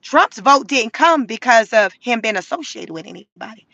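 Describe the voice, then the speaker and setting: A woman's voice: fairly high pitch, lively intonation, normal speed, creaky, bright, forceful tone, no room sound, highs cut off. A woman vlogger delivering a blunt, profane, mocking commentary rant from inside a car.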